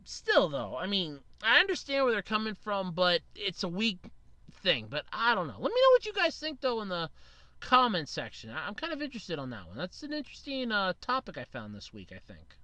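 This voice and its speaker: Blunt, lively solo podcast host. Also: medium pitch, brisk, dry recording. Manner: blunt, opinionated, swears casually; rambling with frequent restarts. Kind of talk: solo casual podcast commentary.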